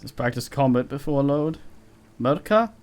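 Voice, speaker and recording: A male game streamer talking casually over his play. He rambles, swears freely and often restarts his sentences. His voice sits in an ordinary middle pitch. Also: normal speed, a little mellow. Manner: rambling, profane, with frequent restarts. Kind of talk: casual live-stream commentary.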